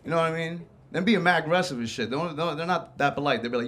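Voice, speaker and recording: A man's voice: a little high, racing, crowd noise. A man hosting a comedy show, doing a casual, profane stand-up set on a club stage. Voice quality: casual, profane, laid-back delivery.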